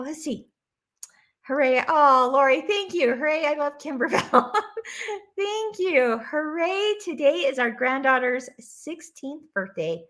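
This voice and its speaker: High, bright, gushing woman host. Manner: upbeat and gushing, laughs often. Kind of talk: live stream chat reading viewer comments.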